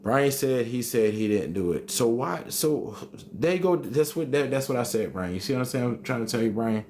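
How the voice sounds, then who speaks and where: A man with a mid-range, darkish voice hosts a live stream at normal speed with lively intonation. He reads chat comments aloud and argues back, repeating himself for emphasis. There's slight background noise.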